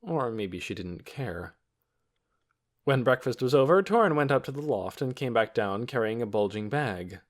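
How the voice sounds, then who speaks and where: A man narrating a children's novel audiobook in an expressive storytelling manner. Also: medium pitch, moderate pace. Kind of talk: scripted narration.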